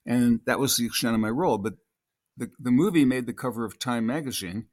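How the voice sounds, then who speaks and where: A man's voice: medium pitch, brisk, a little mellow. Older male actor, interview guest, medium voice, loose storyteller who slips into acted quotes. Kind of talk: rambling anecdotal interview.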